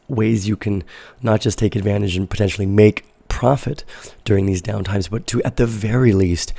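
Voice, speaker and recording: Raspy-voiced sick man streaming live. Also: on the low side, no echo. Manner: relaxed, rambling with fillers. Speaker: crypto trading livestream host. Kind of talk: casual livestream market analysis.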